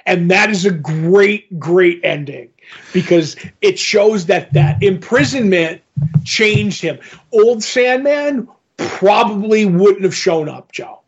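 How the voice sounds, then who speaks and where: A man in casual podcast chat, retelling comic scenes with quick quoted lines. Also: high voice, husky, lo-fi sound. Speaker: podcast co-host.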